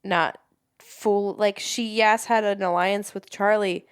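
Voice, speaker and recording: A woman co-hosting a podcast in casual chat, relaxed and talking in loose run-on thoughts. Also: mid-range voice, slow, clean tone. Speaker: podcast co-host.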